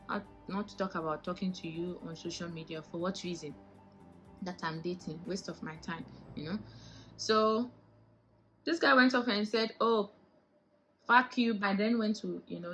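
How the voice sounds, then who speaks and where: A young Ghanaian-accented vlogger talks straight to the camera, heated and lively, throwing out one rhetorical question after another. She has a lowish voice, and the recording is rough.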